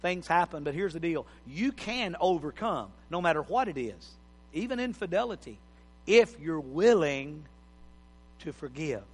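A man's voice: a little high, sing-song, unhurried, breathy edge. A middle-aged man preaching a sermon in a folksy, joking, plain-spoken way. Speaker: pastor. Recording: hall reverb.

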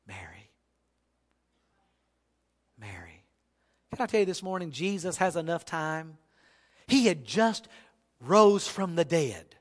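Preacher guy, high bright voice, acts out the story, big echoey church. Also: a little slow. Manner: animated storytelling, acting out voices, folksy humor. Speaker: pastor. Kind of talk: sermon. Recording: long hall reverb.

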